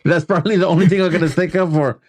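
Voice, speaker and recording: A man's voice: high voice, fairly even intonation, very fast. Laid-back young man saying bro. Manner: laid-back, profane, says bro a lot. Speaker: podcast co-host. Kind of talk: casual banter.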